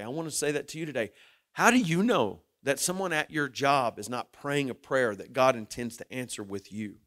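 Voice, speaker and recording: A middle-aged male pastor preaching a sermon in an earnest way, rising loud and then dropping low and emotional.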